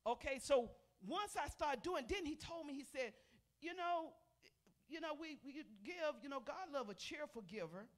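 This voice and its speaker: An older woman pastor giving a testimony sermon to a congregation in a church. She talks in a folksy way, calling out to the people, and swings between loud emphatic bursts and soft murmurs. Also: high voice, animated, normal speed. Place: church sanctuary.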